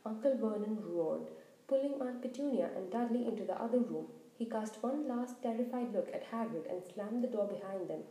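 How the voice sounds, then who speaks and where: A woman reading a children's book aloud in an expressive, animated way. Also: mid-range voice, moderate pace. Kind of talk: storybook narration. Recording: roomy echo.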